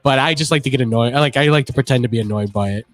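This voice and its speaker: A man's voice: mid-range voice, racing, soft background music. A man co-hosting a sports talk show in casual chat, talkative, acting out other people's lines and restarting his sentences. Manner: talkative, acts out quoted voices, stumbling restarts. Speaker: podcast co-host.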